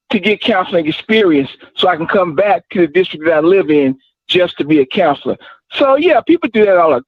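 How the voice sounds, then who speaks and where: A man's voice: high voice, dry recording. Easygoing male caller on dull line. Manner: easygoing, rambling. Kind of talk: phone call into a talk show.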